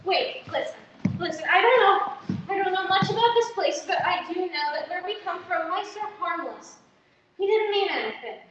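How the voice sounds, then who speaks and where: A woman's voice: very high voice, lively intonation, muffled recording. A woman playing a shrunken traveler in improv comedy, pleading with a tiny people and giggling between lines. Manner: pleading, talks fast and slow in turns, giggles. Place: theater stage. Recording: echoey noisy stage from far off.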